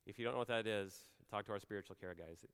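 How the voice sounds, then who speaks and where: A man preaching a sermon as pastor, conversational, often slowing and dropping to a quiet voice for emphasis. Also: fairly low pitch, clear, resonant tone, big-room sound. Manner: conversational, drops soft and slow for emphasis.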